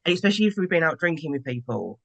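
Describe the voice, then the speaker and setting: A woman's voice: low-pitched, very fast, vocal fry, dry recording. A woman on a podcast panel, chatting animatedly with frequent laughter. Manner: giggly, animated storyteller. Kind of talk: casual panel chat.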